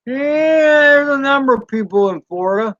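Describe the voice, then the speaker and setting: A man with a Southern US accent chatting casually on a live stream, rambling and folksy with drawn-out fillers and mild swearing. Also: very high-pitched, animated, a bit bright, no room sound, highs cut off. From Southern United States. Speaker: drone channel host reading live chat.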